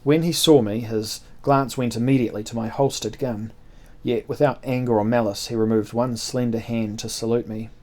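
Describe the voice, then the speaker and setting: A man's voice: mid-range voice, steady tone, normal speed, hardly any pauses, darkish tone. Man reading a period adventure novel. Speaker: narrator. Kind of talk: first-person audiobook narration of a historical adventure novel.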